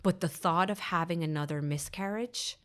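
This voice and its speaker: A woman's voice: fairly low pitch, normal speed. An Irish woman in her thirties, a podcast guest, earnestly telling a personal story and often repeating her phrases.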